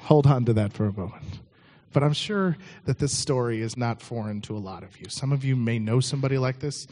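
A man's voice: mid-range voice, fairly quick, mellow. A man preaching a sermon, telling a story in a conversational way with frequent restarts.

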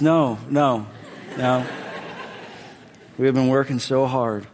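A man preaching a sermon as pastor, telling a personal story and acting out the dialogue, swinging from loud to quiet. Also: mid-range voice, slow pace, pauses often. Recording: long reverb of a large hall.

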